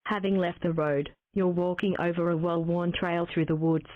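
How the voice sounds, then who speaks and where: A synthetic woman's voice reads game text in an even, mechanical way, pitched a little low. The sound is tinny and phone-like, with a dry, close feel and no room around it. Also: normal speed, no room sound. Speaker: text-to-speech game narrator.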